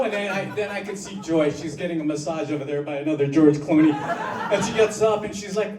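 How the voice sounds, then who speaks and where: Middle-aged man telling a story on stage. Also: high voice. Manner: halting, full of fillers and restarts, mixing grief with self-mocking humor. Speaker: open mic performer. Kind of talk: personal storytelling at an open mic. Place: underground performance venue on a live stage. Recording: roomy, distant live room with crowd. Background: audience laughing.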